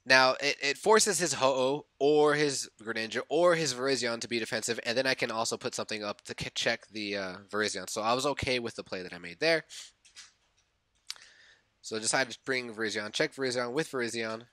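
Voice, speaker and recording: Excitable young male gaming commentator, bright voice, very animated, dry close mic with faint music behind. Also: mid-range voice, fairly quick, no room sound. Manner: excitable, reliving his own reactions; thinks aloud, corrects himself. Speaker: gaming YouTuber. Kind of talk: casual game commentary voice-over.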